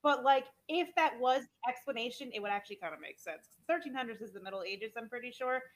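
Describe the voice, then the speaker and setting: A woman's voice: a little high, animated, fast, low-quality recording. A woman co-hosting a podcast in casual chat, explaining eagerly, swearing casually and correcting herself. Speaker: podcast co-host.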